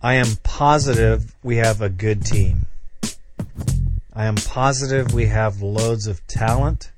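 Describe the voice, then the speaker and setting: A man's voice: lowish voice, slow pace, music in the background. A man hosting a sports podcast, ranting bluntly and sarcastically about his team. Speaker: podcast host. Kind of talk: angry podcast rant.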